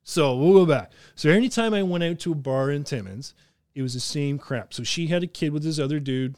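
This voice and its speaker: A man's voice: a little high, fast talker, no echo, studio quality. Swearing, laughing man telling stories. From southern Ontario, Canada. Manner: profane, laughing, animated storyteller. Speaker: podcast host. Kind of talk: casual storytelling.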